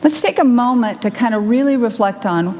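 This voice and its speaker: A woman minister giving a sermon, upbeat and teasing, guiding listeners through a quiet reflection. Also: fairly high pitch, animated, brisk. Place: church sanctuary. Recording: long hall reverb, faint ambience.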